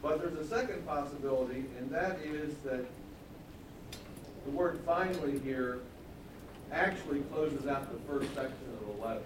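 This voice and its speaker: A man's voice: a little high, normal speed, far from the mic, noisy background. Man preaching in an echoey hall. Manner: conversational Bible teaching, rising to emphatic repetition. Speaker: pastor. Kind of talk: sermon. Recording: echoey room, voice from off-mic.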